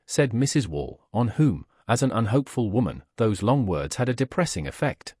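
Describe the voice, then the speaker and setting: A man narrates a classic novel as an audiobook, reading in a measured, expressive way. His mid-range voice is slightly rough, and the recording is dry with clean studio sound.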